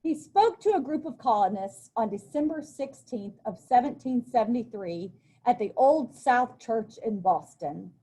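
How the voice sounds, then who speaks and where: Slow-talking woman teacher. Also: a little high, expressive, dark tone, breathy edge. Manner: reads aloud, then explains in chatty asides. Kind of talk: recorded history lesson. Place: at a desk with a workbook.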